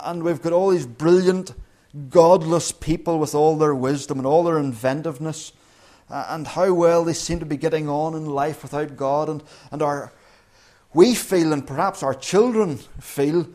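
A man preaching a sermon who tells the story lively and with humour, acting out little voices. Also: fairly high pitch, moderate pace.

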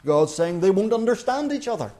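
Lively, higher-voiced male preacher. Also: a little fast. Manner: lively storytelling, acting out voices with humour. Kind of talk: sermon.

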